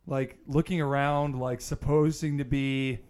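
A man's voice: mid-range voice, little pitch movement, unhurried, a little mellow, smooth. A man co-hosting a casual movie podcast, easygoing, who poses questions and steers the conversation. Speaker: podcast co-host.

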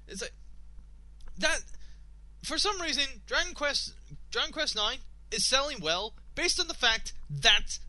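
High-pitched, ranting man, slightly hoarse. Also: sing-song, measured pace, bright, forceful tone, no echo. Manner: ranting, swearing, exasperated. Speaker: radio show host. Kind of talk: casual solo radio talk.

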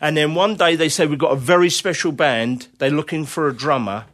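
Middle-aged male guest, slightly high voice, chatty rambling storyteller. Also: brisk, fairly bright tone. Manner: rambling anecdotes with many fillers and laughter. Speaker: interview guest, drummer. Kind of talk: casual conversational storytelling.

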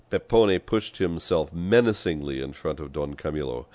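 A man reading a story aloud as an audiobook narrator, expressive storytelling. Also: extremely low pitch, normal speed, few pauses, dry recording. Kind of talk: scripted narration.

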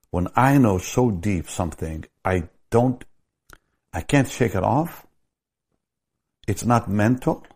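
A man's voice: fairly low pitch, creaky, a little mellow, breathy edge. A middle-aged man preaching a sermon, telling stories and building into emphatic, fervent prayer. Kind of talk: sermon with storytelling.

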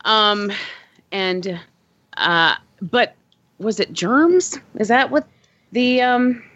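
A woman's voice: mid-range voice, extremely slow, a bit bright, dry recording. A woman hosting a podcast in casual chat, rambling with many fillers and frequent swearing. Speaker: podcast host. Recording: dull lo-fi dry audio.

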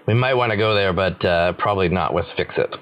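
A man's voice: low voice, fairly quick, fairly bright tone, soft background music. A man playing a tabletop role-playing game, laid-back and prone to chuckling as he plans. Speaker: player.

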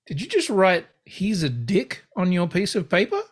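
A man's voice: high-pitched, sing-song, moderate pace, husky. A man co-hosting a podcast, talking in casual chat with hesitant, laughing, self-deprecating remarks. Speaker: podcast co-host.

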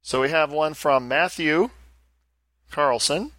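A man's voice: fairly high pitch, slow pace, fairly bright tone, no room sound. A man with an Australian accent, co-hosting a casual podcast and reading listener mail aloud in a chatty way. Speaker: podcast co-host.

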